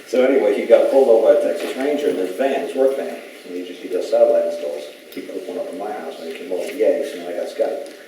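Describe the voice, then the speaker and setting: A man's voice: low voice, fast talker, warm tone, a little hiss or hum. A man giving an informal talk to an audience, rambling through stories and acting out the people he quotes. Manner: rambling storyteller who acts out quoted voices. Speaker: public speaker at a gathering. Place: large echoey room. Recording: echoey hall, voice from far off.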